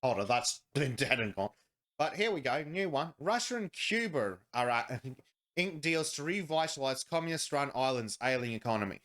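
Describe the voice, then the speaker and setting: A man's voice: mid-range voice, very animated, normal speed, a bit bright. A man hosting a podcast, reading chat comments aloud and mocking the news with sardonic, profane commentary. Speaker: podcast host. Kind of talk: casual political chat.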